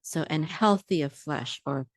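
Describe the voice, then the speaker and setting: A woman's voice: low-pitched, unhurried, dry recording, clean studio sound. A woman teaching a language lesson, spelling words out syllable by syllable and patiently repeating each sound. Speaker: Hebrew teacher. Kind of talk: word-by-word reading lesson.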